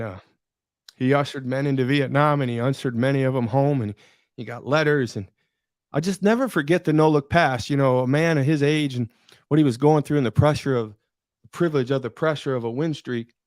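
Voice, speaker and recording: A middle-aged man from Michigan, a podcast guest, telling a story with passion, repeating words for emphasis and pausing for drama. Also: mid-range voice, a little mellow, dry recording, studio quality. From Michigan, USA. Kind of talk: emotional storytelling in conversation.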